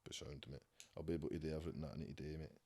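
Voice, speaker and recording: A man's voice: extremely low pitch, fairly even intonation, rapid-fire, mellow, breathy edge. A man with a Scottish accent, chatting casually as a rapper guest on a podcast at his home, laid-back and swearing often.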